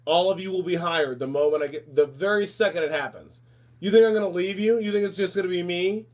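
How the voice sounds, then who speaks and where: A man hosting a casual talk show, animated and rambling, calling listeners darling and honey. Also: high voice, fast. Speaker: podcast host. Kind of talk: casual chat.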